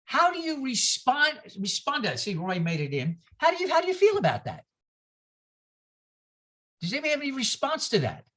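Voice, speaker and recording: A minister leading a conversational Bible study, animated and full of rhetorical questions put to the group. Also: high-pitched, brisk, long pauses. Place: church gathering.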